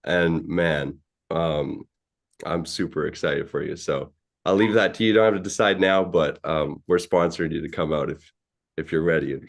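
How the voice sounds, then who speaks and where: A laid-back man hosting a live stream, talking in slang and pausing with fillers as he speaks. His voice is very deep and low. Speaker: host. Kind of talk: casual live-stream talk.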